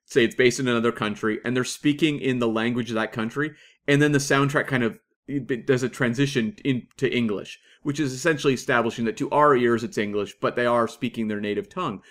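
A Canadian man co-hosts a casual podcast chat. He talks eagerly and loosely, with lots of fillers and quick asides. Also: medium pitch, a bit bright. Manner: chatty, enthusiastic, many fillers. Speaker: podcast co-host.

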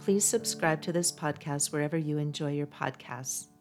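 Calm, low-voiced woman narrator for a podcast storybook. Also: moderate pace, over music. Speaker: author and podcast host.

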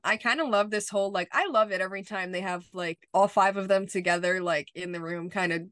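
A woman's voice: medium pitch, a little fast, a bit bright, clear, resonant tone, no echo, studio quality. A woman co-hosting a podcast, recapping an episode in a casual chat as an enthusiastic fan, talking in loose run-on phrases. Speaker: podcast co-host.

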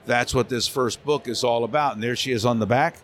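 Brisk and mid-range, this voice actor's speech comes with slight background noise. As an interview guest at a convention center, he tells stories with lively animation and slides into character voices.

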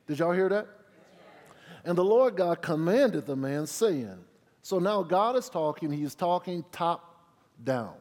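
Pastor preaching with congregation call-outs, hall reverb. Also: male voice. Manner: drops low for asides, rises loud on emphasis. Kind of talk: sermon.

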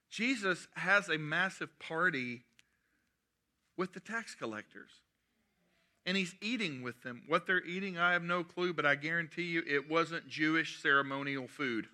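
A man preaching a sermon, animated and mixing in humorous asides. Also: on the high side. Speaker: pastor.

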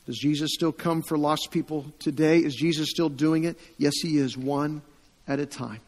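A male preacher tells a story from the pulpit, slightly higher-pitched than most men. He acts out quoted voices, swells louder at the tense moments and sinks almost to a hush at the solemn ones. His voice rings with the long reverb of a large hall. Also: steady tone, normal speed. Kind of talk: sermon storytelling.

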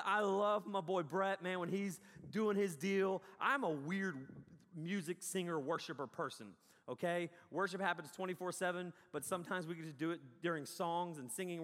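Male pastor, raised pitch, energetic self-mocking sermon, long hall reverb. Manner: joking, self-mocking, bursts into loud yells. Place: large hall on a stage.

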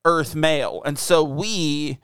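A man's voice: on the high side, takes it slowly, a bit bright, smooth, dry recording, studio quality. A man co-hosting a casual podcast, teasing his co-host and steering the conversation. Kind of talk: casual chat.

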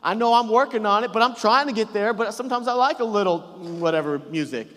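A man's voice: high-pitched, fast, a bit bright, long reverb tail. A male pastor preaching a sermon with emphatic call-and-response questions and joking asides, sounding a little sick. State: sick, voice strained. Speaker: senior pastor. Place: church auditorium stage.

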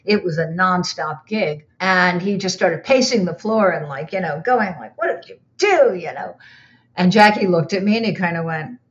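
A woman's voice: lowish voice, moderate pace, lo-fi sound. An older woman, a former recording engineer and re-recording mixer, tells studio stories in a casual interview and acts out the quotes. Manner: animated, acts out quotes in others' voices.

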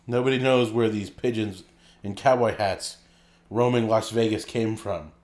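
A man's voice: on the low side, measured pace, darkish tone. A man co-hosting a podcast in casual, joking chat, laughing often and talking animatedly. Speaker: podcast co-host.

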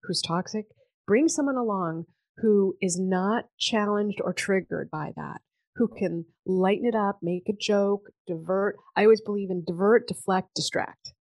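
A woman's voice: mid-range voice, unhurried, a little mellow, no echo. A woman giving practical family advice in casual podcast chat, upbeat and coaching, acting out sample phrases.

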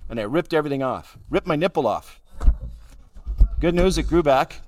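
A man's voice: a little high, expressive, moderate pace, a little mellow, slight background noise. Wry middle-aged man telling stories. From Calgary, Canada. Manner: self-deprecating, wry, chuckles at his own jokes. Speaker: guest speaker at a recovery roundup. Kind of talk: humorous personal storytelling talk.

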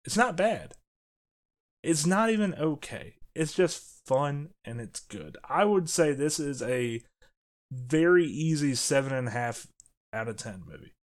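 A man co-hosting a podcast, talking casually and jokily about a film, getting animated and trailing off into restarts. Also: fairly high pitch, measured pace. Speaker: podcast co-host. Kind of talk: casual movie review chat.

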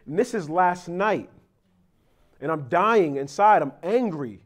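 A man's voice: on the high side, expressive, moderate pace. A man, a pastor praying and then preaching in a conversational, confessional, storytelling way. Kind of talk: sermon with prayer.

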